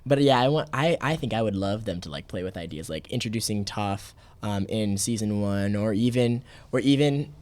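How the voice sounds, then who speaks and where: A man's voice: lowish voice, lively intonation, moderate pace, few pauses, darkish tone, no room sound. A man co-hosting a podcast in casual chat, hesitant, repeating words and laughing easily. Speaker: podcast co-host.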